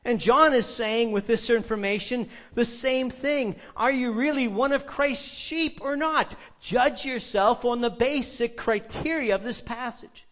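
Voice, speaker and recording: A man's voice: extremely high pitch, measured pace, few pauses, a bit bright. A male pastor preaching a sermon, emphatic and putting rhetorical questions to the congregation.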